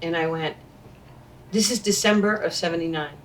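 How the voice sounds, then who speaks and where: A woman, telling animated stories and acting out what people said. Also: lowish voice, normal speed, distant mic, a little hiss or hum. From Queens, New York. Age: 60s. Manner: animated storyteller who acts out quoted dialogue. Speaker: interview guest, former basketball player. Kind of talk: storytelling in conversation.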